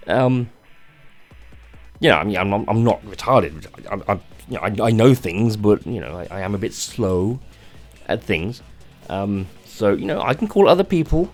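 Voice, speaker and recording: Tired man, rambling low-voiced rant. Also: a little mellow. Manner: rambling and halting, many restarts, swearing. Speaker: gaming channel host. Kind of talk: unscripted rant vlog.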